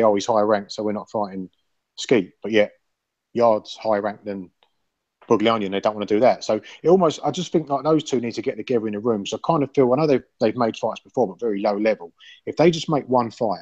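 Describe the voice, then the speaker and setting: A man's voice: lowish voice, a little mellow, no echo. A man hosting a casual podcast panel chat, rambling and opinionated and swearing freely. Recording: dull lo-fi sound.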